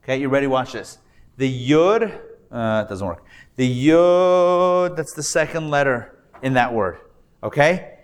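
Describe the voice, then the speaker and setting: In an animated, mid-range voice, a rabbi leads a Hebrew reading lesson live in a classroom before an audience. He carefully sounds out each syllable and patiently makes sure the students follow.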